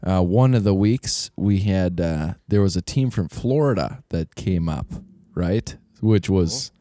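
A man's voice: sits low, animated, a little slow, warm tone, no room sound, clean studio sound. A man telling a story in casual chat, rambling with lots of fillers.

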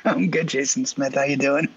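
A man's voice: mid-range voice, steady tone, measured pace, a bit bright, slightly rough, highs cut off. A middle-aged man co-hosting a podcast in casual chat, rambling, laughing often and losing his train of thought. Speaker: podcast co-host.

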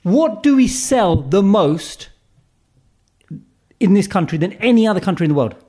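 A man co-hosting a casual podcast chat, playful and quick to laugh. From United Kingdom. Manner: playful, laughs often, lively pitch. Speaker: podcast co-host.

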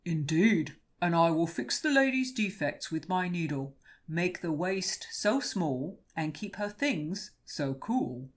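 A woman voicing a fawning male tailor who speaks in a slow, obliging way. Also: lowish voice, lively intonation.

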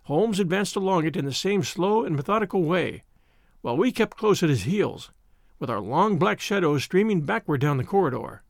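A man narrating an old detective story in an expressive, dramatic way. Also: high voice, moderate pace, gravelly, dry recording, clean studio sound. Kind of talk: audiobook narration.

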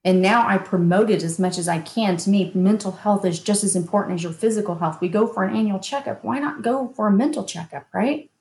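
A woman's voice: medium pitch, fairly quick, few pauses, a little mellow. Candid woman in a roomy echo. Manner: frank and emphatic, with bursts of laughter. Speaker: guest, hypnotherapist and mindset coach. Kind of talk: candid personal storytelling in an interview.

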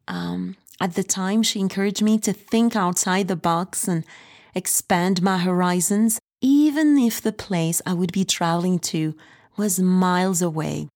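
A woman's voice: lowish voice, darkish tone. A woman with a slight French accent hosting a faith podcast in an upbeat, encouraging way. She grew up in France, and French is her first language. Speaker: podcast host.

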